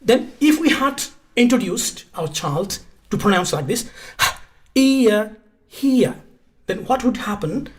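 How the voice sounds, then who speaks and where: A man's voice: sits high, big pitch swings, moderate pace, few pauses. A man from Nepal with a Nepali accent, a guest English test teacher explaining emphatically, repeating his points and spelling words out letter by letter. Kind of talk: explanatory interview talk.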